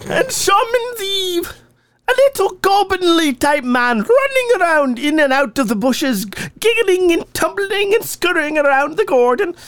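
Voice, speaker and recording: A man putting on an Irish woman's voice with an Irish accent, reading accounts of fairy meetings in a slow, lilting storyteller manner. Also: very high-pitched, fairly bright tone, no echo, full character voice. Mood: hushed wonder. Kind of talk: reading listener stories aloud.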